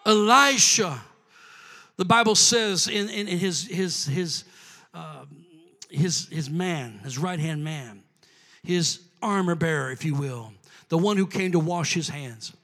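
A man's voice: on the high side, takes it slowly, sharp tone. A man preaching a sermon in a church, building to fervent call-and-response with the congregation. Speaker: pastor. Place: church sanctuary. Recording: long hall reverb.

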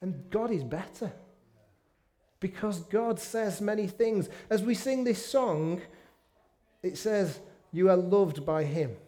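Male preacher, middle-aged, high-pitched, chatty sermon style with self-mocking humour. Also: expressive, slow, pauses often, dark tone. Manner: conversational, with self-deprecating asides. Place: church meeting room.

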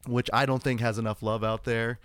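A man's voice: medium pitch, level tone, a little fast, fairly bright tone, clean tone, no echo. Laid-back man hosting a podcast. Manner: laid-back, loose, many fillers and "you know". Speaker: podcast co-host. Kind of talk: casual podcast banter.

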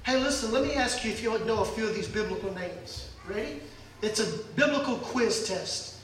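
High bright-voiced folksy pastor, echoey church. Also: male voice, moderate pace, distant mic, slight background noise. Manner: folksy, joking preacher acting out Bible scenes. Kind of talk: sermon. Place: church sanctuary.

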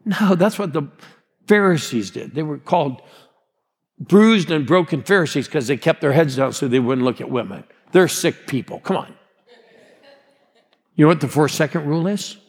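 A man's voice: a little high, lively intonation, moderate pace, pauses often, breathy edge. A man in his sixties preaching a sermon as a pastor, rousing and calling out to the congregation. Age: 60s. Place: large church hall. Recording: long hall reverb.

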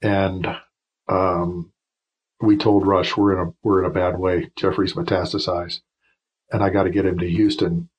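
A retired officer in his fifties tells long stories as a podcast guest, wandering through asides and restarts and turning emotional. His voice sits low. It has a husky, slightly rough grain. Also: flat delivery, normal speed, muffled recording. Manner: rambling, emotional anecdotes with many restarts. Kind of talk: storytelling in a casual interview.

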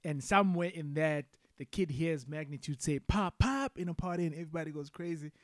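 A man's voice: a little high, fairly even intonation, fast, dry recording, clean studio sound. A man co-hosting a podcast in casual chat, laid-back and rambling, swearing freely. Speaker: podcast co-host.

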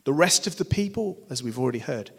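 A man preaching a sermon, emphatic, swelling to loud declarations and asking his listeners rhetorical questions. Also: mid-range voice, animated, fast talker, breathy edge. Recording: long hall reverb.

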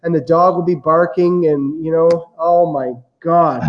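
A man as a podcast guest, telling stories in a lively, amused way. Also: a little high, a little slow, lo-fi sound. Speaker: guest real estate investor. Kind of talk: casual storytelling.

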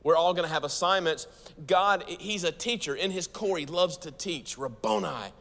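An American pastor preaches to a gathered church, quick and animated, often asking the crowd questions. His voice sits fairly high for a man. The sound rings with the long reverb of a big hall. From United States. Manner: fast, animated preaching with audience asides. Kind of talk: sermon.

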